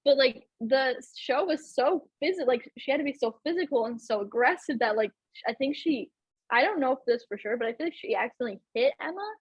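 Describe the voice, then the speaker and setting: A woman's voice: high-pitched, animated, fairly quick, breathy edge, no room sound, poor audio. A young woman hosting a podcast in casual chat, talking chattily with many fillers and laughs. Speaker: podcast host.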